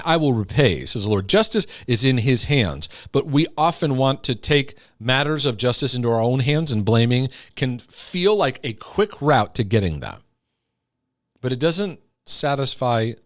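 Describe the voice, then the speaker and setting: A man's voice: medium pitch, no room sound, clean studio sound. A man giving an earnest, emphatic teaching talk on healing, sometimes acting out scolding parents. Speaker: Christian teacher and speaker.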